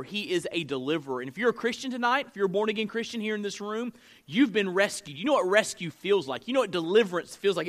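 Male preacher with a high, bright voice, emphatic and conversational at the pulpit. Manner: emphatic, conversational preaching with frequent "right?" tags. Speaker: pastor. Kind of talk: sermon. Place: church room with a live congregation.

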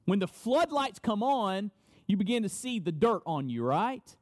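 A man's voice: sits high, big pitch swings, a little slow, a little mellow, big-room sound. A man preaching a sermon as pastor, emphatic, repeating his key phrases for weight.

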